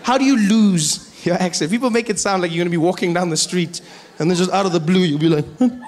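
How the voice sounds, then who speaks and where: South African male comedian, animated storyteller, faint background noise. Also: high-pitched, fast. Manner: animated, switches into voices. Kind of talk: stand-up storytelling.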